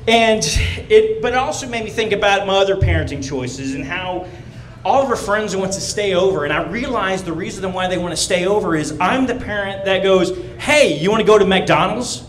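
On a comedy club stage, a man does a brash stand-up set, telling stories and quickly acting out other people. His voice is high, and the rough, reverberant recording carries a little hiss or hum.

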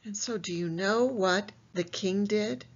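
A woman teaching a Bible lesson to young children in an animated way, asking them questions and answering them herself. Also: mid-range voice, a little slow, dull audio.

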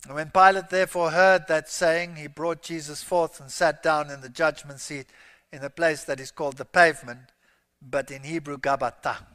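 A man's voice: a little high, fairly even intonation, moderate pace, sharp tone. A man preaching a sermon, reading scripture aloud with emphatic, rising exclamations. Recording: long hall reverb.

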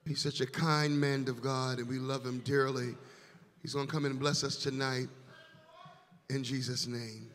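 A man with a bright, forceful voice emcees a church concert, calling back and forth with the congregation. His voice rises into shouts and rings through a big sanctuary with long reverb, with faint room noise behind it. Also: medium pitch, level tone, normal speed. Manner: call-and-response, rising to shouts. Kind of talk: hyping up a church concert crowd. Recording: long reverb in a large hall.

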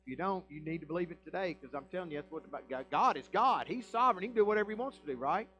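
A man, a pastor preaching a sermon in a church with emphatic rhetorical questions and swings between loud and quiet. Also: high voice, animated, very fast, highs cut off. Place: church sanctuary.

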